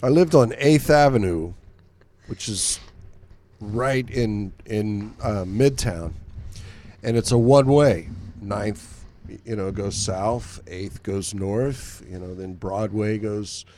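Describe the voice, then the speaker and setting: A man's voice: fairly low pitch, takes it slowly, a little mellow, slight background noise. A man hosting a casual radio chat show, talking in a laid-back, easygoing way.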